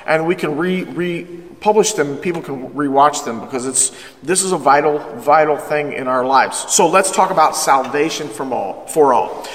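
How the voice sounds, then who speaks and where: Energetic male pastor with a high voice, preaching emphatically in a reverberant hall. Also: normal speed. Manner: call-and-response with congregation. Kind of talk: sermon, Bible study teaching. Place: church hall with live congregation. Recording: echoey hall with long reverb.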